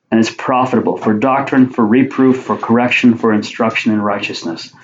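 A man's voice: mid-range voice, slight background noise. A man preaching a sermon, reading Bible verses aloud and then explaining them in plain conversational talk, often repeating his words. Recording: roomy, dull lo-fi sound.

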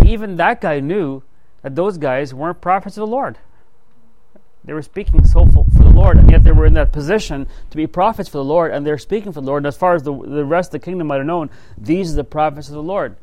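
Male Bible teacher, mid-pitched, reads verses and then riffs casually, dry close sound. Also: mellow, dry recording, low-quality recording. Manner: reads scripture then comments conversationally; frequent "you know" and "right?" asides.

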